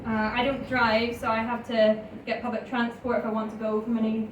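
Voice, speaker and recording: Young Northern Irish woman, stand-up, deadpan, slightly high voice, echoey club, distant mic. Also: a little fast, a little hiss or hum. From Northern Ireland. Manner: dry deadpan delivery, laughs at own jokes. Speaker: stand-up comedian. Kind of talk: stand-up comedy set. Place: comedy club stage. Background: audience laughter.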